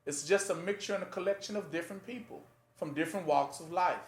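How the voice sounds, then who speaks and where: A man with a fairly high voice gives an informal Bible teaching in a plain, conversational way. He keeps asking his listeners to finish his sentences. The sound bounces around a roomy, echoing space. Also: fast talker. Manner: rhetorical fill-in-the-blank questions to listeners. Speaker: preacher teaching scripture. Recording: echoey room.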